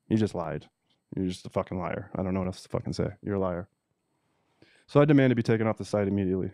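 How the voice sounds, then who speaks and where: A man's voice: lowish voice, mellow, no room sound, clean studio sound. A man telling a heated, profanity-filled story in a casual monologue, ranting and reading messages aloud. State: emotional, teary at times. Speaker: cannabis seed breeder telling a story.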